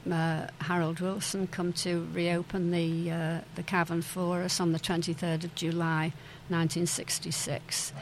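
Older woman reminiscing, low and flat. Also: slight background noise, rough recording. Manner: hesitant, many fillers and restarts. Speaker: interview guest, former club owner's daughter. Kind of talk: reminiscing interview.

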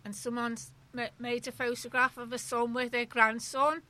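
A woman with a Liverpool accent and a bright, fairly high voice. She chats casually and sympathetically, often agreeing with the others. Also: little pitch movement, normal speed. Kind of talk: casual chat.

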